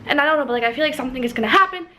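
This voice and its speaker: A woman's voice: high-pitched, lively intonation, racing, background noise. A young woman talking casually in a book vlog, chatty and full of "like". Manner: chatty, fills talk with "like". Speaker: book vlogger. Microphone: camera propped up without tripod.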